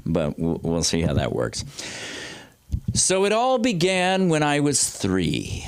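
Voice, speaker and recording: A man's voice: huge pitch swings, slow pace, clean tone. A man in his sixties doing stand-up storytelling at an open mic, rambling and loose, with salty language and lots of filler words. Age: 60s. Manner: swings his pitch widely for comic effect. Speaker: comedy teacher performing at an open mic.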